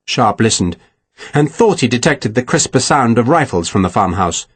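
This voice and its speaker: A man narrating an audiobook with expressive, dramatic reading. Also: medium pitch, normal speed, slightly rough.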